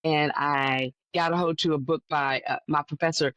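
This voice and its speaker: A woman with a notably low voice who tells stories in an animated, folksy way and addresses her co-host directly. The recording is close and dry. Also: normal speed, no room sound. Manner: lively storyteller, folksy asides like "girl" and "listen". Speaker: podcast co-host. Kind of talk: spiritual conversation, animated storytelling.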